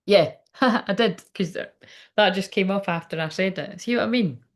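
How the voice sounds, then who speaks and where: A woman's voice: mid-range voice, a little slow. A woman medium chatting casually during a live reading, rambling, laughing often and swearing freely. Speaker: psychic medium.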